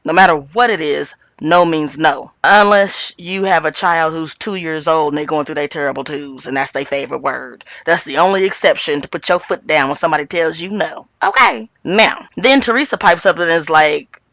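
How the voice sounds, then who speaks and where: A woman with a raspy voice hosting a casual reality TV recap, acting out what the cast members say. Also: moderate pace, hardly any pauses, dry recording. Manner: animated, quotes cast members in big pitch jumps. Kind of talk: casual commentary.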